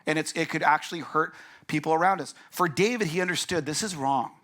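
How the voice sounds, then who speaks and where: A man's voice: a little high, fairly quick, fairly bright tone. A man preaching a casual, conversational sermon as pastor, joking as he goes. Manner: joking and conversational, acts out characters' lines.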